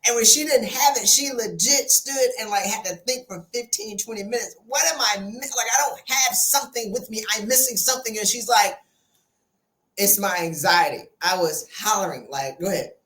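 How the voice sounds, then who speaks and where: A woman hosting a podcast, speaking emphatically and telling stories in a lively, casual way. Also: fairly high pitch, a little fast, few pauses. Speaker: podcast host. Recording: roomy echo.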